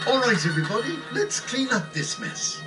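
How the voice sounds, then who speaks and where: Casting: a high-pitched, lively old mentor figure, folksy rambling, heard from afar over game music. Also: male voice, distant mic, poor audio. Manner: folksy, wandering, slow-spoken. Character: rambling kindly old male psychic mentor.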